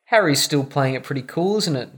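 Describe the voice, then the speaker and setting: A man's voice: medium pitch, expressive, fairly quick. A man hosting a casual film commentary chat, wry and musing as he asks his co-hosts questions.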